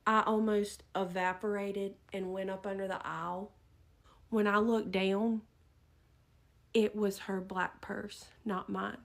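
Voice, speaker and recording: A woman giving an animated, dramatic storytime narration. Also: mid-range voice.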